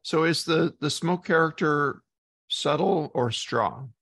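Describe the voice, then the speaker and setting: A man's voice: a little high, takes it slowly, a bit bright, no room sound, studio quality. A man co-hosting a casual beer-tasting podcast, reading facts aloud and hesitating often with fillers. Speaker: podcast co-host.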